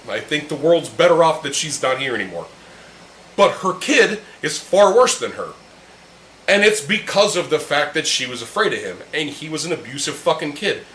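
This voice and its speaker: Sharp in tone and fairly high in pitch, this young male podcast host swears nonstop as he rants heatedly during a casual chat, drinking beer with friends. The recording has an echoey room sound and faint background noise.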